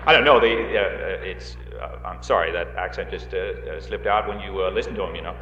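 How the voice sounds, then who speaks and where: A man's voice: deep voice, a little fast, bright, forceful tone, slight background noise. A man speaking to a rally audience in a large hall, folksy and fond of joking asides, with frequent hesitant fillers. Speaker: guest speaker at a political rally. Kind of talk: live political speech to an audience. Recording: roomy dull 1960s reel recording of a hall.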